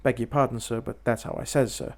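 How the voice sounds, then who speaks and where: A man voicing a young working-class Cockney bellboy who calls everyone "sir" and speaks in rough grammar. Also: medium pitch, fairly even intonation, fairly quick, lightly acted. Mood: uneasy. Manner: dropped grammar, deferential "sir" after every phrase. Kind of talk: audiobook character voice.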